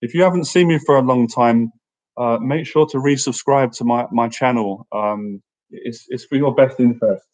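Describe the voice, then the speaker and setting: A man's voice: mid-range voice, moderate pace, rough recording. A man who coaches social skills, chatting casually through a live-stream Q&A in an upbeat way, laughing easily and often asking "right?". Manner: laughs easily, animated when telling stories.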